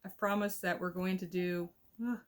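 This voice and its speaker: A woman from Missouri in her thirties talks to her camera at home. She rambles in a chatty, easygoing way and laughs easily, her voice sitting at an ordinary middle pitch. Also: moderate pace, a bit bright. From Missouri, US Midwest. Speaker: vlogger and family caregiver. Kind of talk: casual chat to camera. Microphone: camera mic at home.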